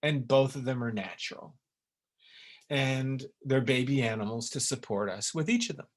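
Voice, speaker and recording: His voice is medium-pitched and his speed normal as the middle-aged essence maker talks through a webinar about emotional healing. He comes across earnest and emphatic, repeating words for emphasis.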